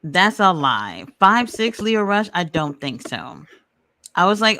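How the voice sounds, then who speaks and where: Smooth-voiced woman host, dry close sound. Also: on the low side, slow pace, no room sound. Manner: animated, blunt, swears freely. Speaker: podcast host. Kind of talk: casual wrestling chat.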